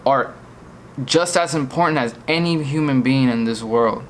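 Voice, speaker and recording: Man, earnest storytime vlog, shaken and pleading, mid-pitched voice, faint room hum behind. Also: a little slow, long pauses. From Virginia, US. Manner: shaken, pleading, repeats himself. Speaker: vlogger.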